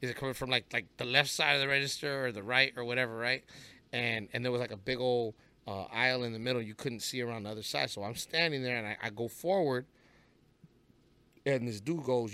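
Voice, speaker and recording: A man's voice: mid-range voice, fairly quick, sharp tone, smooth. A man, a rapper guest on a podcast, telling stories in a loose, profane way and acting out the people he quotes. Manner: storytelling, profane, acts out quoted voices. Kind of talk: casual podcast interview.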